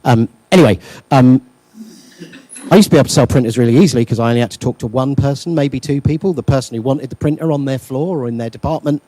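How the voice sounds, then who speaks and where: A man speaks at a conference workshop, loose and self-mocking, with plenty of ums and uhs. His voice is mellow and dark in tone. The sound is close and dry, with little room in it. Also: medium pitch, quick pace, no echo. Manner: self-deprecating, joking, many fillers. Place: lecture room.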